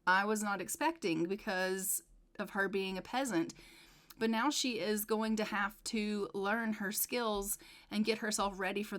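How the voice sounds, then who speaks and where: A woman's voice: medium pitch, fairly bright tone. A woman narrating her life-sim gameplay in an upbeat, casual way, often repeating "go ahead.". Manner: upbeat, repetitive "go ahead" phrasing. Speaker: gameplay video creator.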